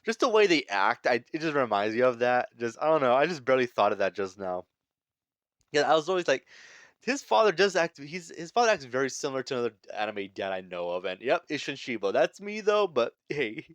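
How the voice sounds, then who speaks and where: Smooth-voiced man recapping a manga chapter casually. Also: mid-range voice, very animated, a little fast, fairly bright tone, no room sound. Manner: rambling, chuckling, filler-heavy. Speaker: manga reviewer.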